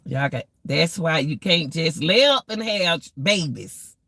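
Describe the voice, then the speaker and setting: Preachy woman with a gravelly voice. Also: sits low, lively intonation, unhurried, sharp tone, no room sound, clean studio sound. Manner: preachy, repetitive, emotional. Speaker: vlogger. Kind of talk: casual life-advice talk.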